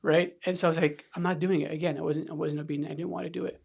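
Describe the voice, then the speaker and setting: Gravelly higher-voiced man telling his story. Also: little pitch movement, rapid-fire. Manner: rambling, frequent "right?" and restarts, drops to near-whisper when reliving moments. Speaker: podcast guest. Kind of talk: candid personal storytelling in conversation.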